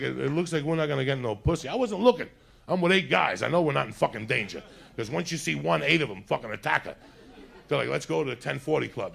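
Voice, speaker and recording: A male stand-up comedian with a deeply gravelly voice rambles through a crude story in loose, conversational talk. He slips into put-on voices to act out what others said, and he sounds a little high.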